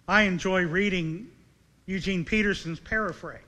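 A man's voice: high-pitched, moderate pace, sharp tone. A man preaching a sermon in an earnest way, putting direct questions to his listeners.

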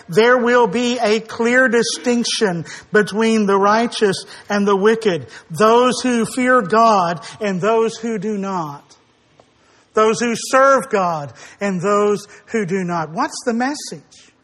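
A man's voice: high voice, slow pace, fairly bright tone. A man preaching a sermon, earnest and emphatic, stressing his words and sometimes acting out quoted speakers.

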